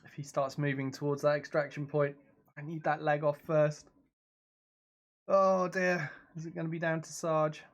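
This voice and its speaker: A man's voice: a little high, completely flat delivery, fairly quick, lo-fi sound. A young man streaming a video game from his home computer, chatting casually, reacting aloud to the action and reading messages from his viewers. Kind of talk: casual live-stream commentary.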